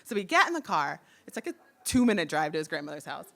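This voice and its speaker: A woman in her forties telling a personal story on stage, lively, acting out the voices she quotes. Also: sits low, fast talker. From United States. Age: 40s. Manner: animated, acts out quoted voices.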